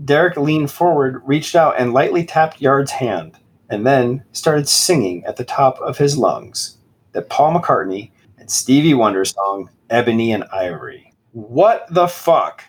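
A man's voice: mid-range voice, animated, a little slow, husky. A man co-hosting a podcast, casually mocking a book as he reads passages aloud in a sarcastic, dramatic way. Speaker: podcast co-host.

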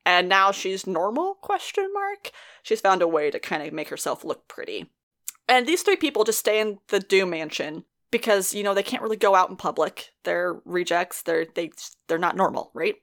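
A woman's voice: medium pitch, big pitch swings, normal speed, fairly bright tone. A woman co-hosting a podcast, giving a casual, laughing recap of a TV episode and swearing freely. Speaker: podcast co-host.

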